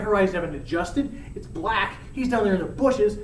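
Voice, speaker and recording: A man casually retelling a classic play in a chatty, slangy, animated way. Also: very high-pitched, a little fast, hardly any pauses, reverberant, far from the mic, slight background noise, poor audio. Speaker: storyteller.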